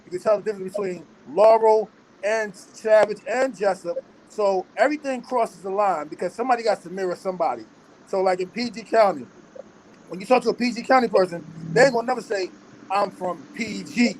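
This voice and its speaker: This is a high-voiced man holding forth in loose podcast chat, circling back over his own phrases. A faint hum of room ambience sits behind him. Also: a little fast, darkish tone, rough recording. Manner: rambling, repeats and restarts phrases. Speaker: podcast host. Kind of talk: casual chat.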